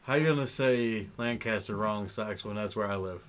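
A man from Ohio with an Ohio accent, co-hosting a casual podcast chat, animated and laughing often. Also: fairly low pitch, moderate pace. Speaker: podcast co-host.

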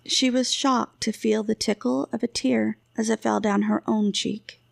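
A woman narrating a fantasy novel chapter in an even, steady storytelling manner. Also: fairly high pitch, a little slow, gravelly. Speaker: audiobook narrator.

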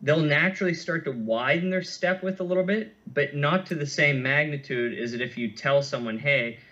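A man's voice: a little high, moderate pace, pushed and bright. A man as an interview guest, explaining running injuries in a thoughtful, conversational way with many fillers and restarts, heard over a remote call. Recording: muffled lo-fi audio.

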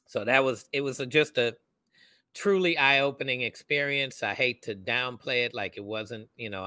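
A young adult man co-hosting a podcast, telling a personal story in casual chat and acting out the people he quotes in loud voices. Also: lowish voice, clear, resonant tone, dry recording. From United States. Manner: animated, acts out quoted voices loudly. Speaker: podcast co-host.

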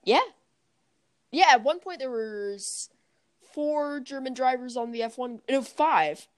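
A woman co-hosting a casual podcast, talking in a slightly high voice. She rambles, corrects herself mid-thought and laughs easily. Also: expressive, takes it slowly. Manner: chatty, self-correcting, laughs often. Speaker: podcast co-host. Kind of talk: casual chat.

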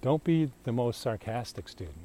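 A man's voice: medium pitch, expressive, normal speed, warm tone. A man hosting a podcast as casual talk while he walks his dog outdoors, rambling and chatty, talking to the dog as he goes. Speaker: podcast host. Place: outdoors on a walk. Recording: faint outdoor noise with insects.

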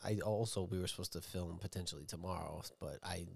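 A man's voice: deep voice, fast talker, gravelly, a little mellow, slightly rough, no room sound, studio quality. A man co-hosting a podcast in casual chat, teasing and blunt, who swears freely. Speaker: podcast co-host.

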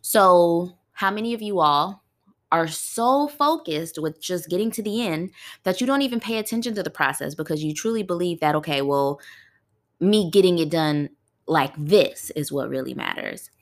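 A woman's voice: on the low side, animated, moderate pace. A woman hosting a podcast in a casual, conversational way, often putting rhetorical questions to her listeners. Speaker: podcast host. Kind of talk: casual solo podcast talk.

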